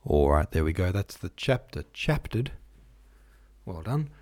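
A man reading a classic novel aloud as a podcast audiobook narrator, in a measured, steady way. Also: low-pitched.

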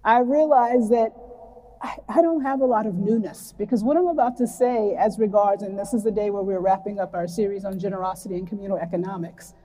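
Woman preacher, earnest and reflective, warm low-bright tone, mid pitch, reverberant sanctuary sound. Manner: reflective, earnest, reads scripture slowly. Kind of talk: sermon with scripture reading. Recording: long hall reverb.

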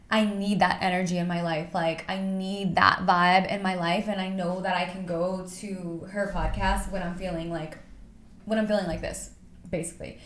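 A young adult woman hosting her own podcast, talking casually with lots of fillers like "like" and occasional swearing. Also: fairly low pitch. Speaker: podcast host. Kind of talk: casual solo podcast talk. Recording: echoey room with faint hiss.

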